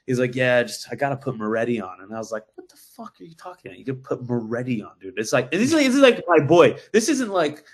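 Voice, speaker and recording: Man, brewery guest, casual podcast chat, animated storytelling, lots of swearing. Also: mid-range voice, fast talker, few pauses, slightly rough.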